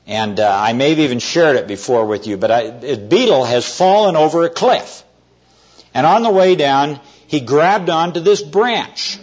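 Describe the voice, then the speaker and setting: A man preaching an evening sermon to a congregation, earnest and storytelling, often slowing down to stress key words. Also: a little high, expressive. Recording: dull lo-fi sermon recording.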